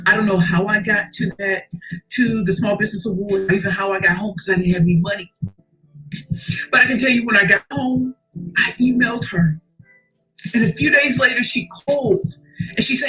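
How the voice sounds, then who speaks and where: A woman's voice: mid-range voice, a little fast, a bit bright, faint music behind, low-quality recording. Emphatic woman giving a motivational keynote. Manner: emphatic, preacherly, repeats key phrases, addresses crowd as y'all. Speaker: motivational speaker. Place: live event stage.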